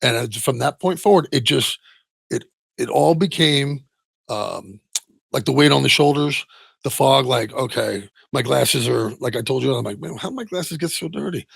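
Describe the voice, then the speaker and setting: A middle-aged man, a retired football player, tells his story candidly in an interview, halting often and trailing off into soft asides. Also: mid-range voice, creaky, slightly rough, no room sound.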